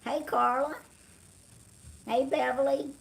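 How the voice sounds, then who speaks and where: A woman's voice: high-pitched, steady tone, takes it slowly, vocal fry. A middle-aged woman with a Southern US accent, tired and chatting casually on a live stream, greeting viewers by name. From Georgia, US. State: tired, yawning. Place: home, on the couch.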